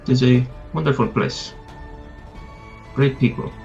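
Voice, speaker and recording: A man's voice: mid-range voice, fairly even intonation, a little slow, vocal fry, darkish tone. A man voicing a polite, curious male dragonborn traveler who speaks hesitantly, in a lo-fi recording with faint music.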